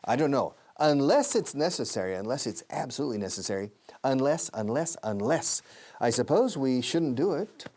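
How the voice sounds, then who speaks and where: A man hosting a TV English lesson, his pitch bouncing up and down in a lively way. He drills each phrase again and again, stopping to explain in Spanish. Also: normal speed. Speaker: English teacher and host. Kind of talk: TV language lesson.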